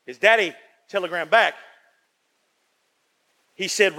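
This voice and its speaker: A man with a very high, bright, forceful voice preaches a sermon, repeating phrases for emphasis. He swings from booming lines to hushed ones. Long reverb from the church hangs on his words. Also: expressive, a little slow, long pauses. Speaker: pastor.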